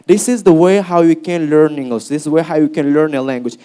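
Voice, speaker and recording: A young man with an Uzbek accent teaching a speaking workshop to a class, lively and encouraging, often calling them guys. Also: fairly high pitch, fast talker, clear, resonant tone. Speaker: English teacher. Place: classroom with students.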